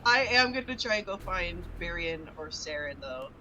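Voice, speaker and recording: A man with a high, lively voice chats playfully with his gaming group. Clear background noise sits behind him. He laughs easily between his lines. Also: moderate pace, poor audio. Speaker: player. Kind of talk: tabletop role-play chat.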